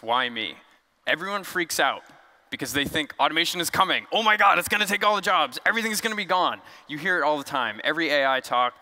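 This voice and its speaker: Man, conference speaker, very bright tone, smooth clear voice, long hall reverb. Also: medium pitch. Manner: casual, joking, conversational with fillers. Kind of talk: conference keynote talk.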